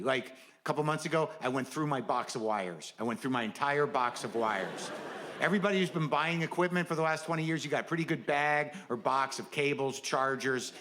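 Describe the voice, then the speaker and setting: A man's voice: medium pitch, a bit bright, slight background noise. A middle-aged man doing a stand-up comedy set, rambling and self-deprecating, full of nervous "you know" asides. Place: comedy stage before a live audience.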